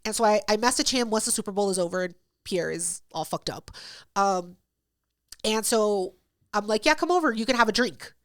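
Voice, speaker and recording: A woman's voice: medium pitch, moderate pace, a bit bright. A woman hosting a podcast, telling a story in casual, profane chat and acting out both sides of it. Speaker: podcast host.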